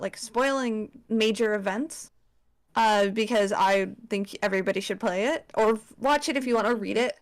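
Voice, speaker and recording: Young woman w/ a raspy fry voice, chatty and sweary, lots of likes and ums. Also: fairly high pitch. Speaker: presenter at a slideshow party. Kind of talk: casual chat presentation.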